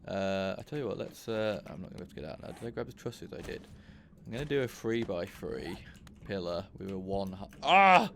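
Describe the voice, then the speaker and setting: Gravelly low-voiced gamer man. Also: quick pace, darkish tone, a little hiss or hum. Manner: thinks aloud, grows frustrated and swears. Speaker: gaming channel host. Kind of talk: casual let's-play commentary.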